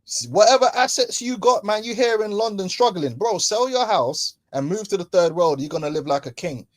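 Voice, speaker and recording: A London man preaches casually about religion in loose street slang, teasing his audience and laughing between points. His slightly high voice has lively intonation and a somewhat fast pace, recorded close and dry with no echo.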